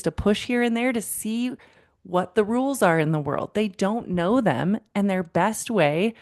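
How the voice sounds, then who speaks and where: A counselor in her thirties hosts a parenting podcast in a mid-range voice with a darkish tone. Her talk is warm and conversational, aimed right at the listener, whom she calls "friend," as she shares conversations with clients.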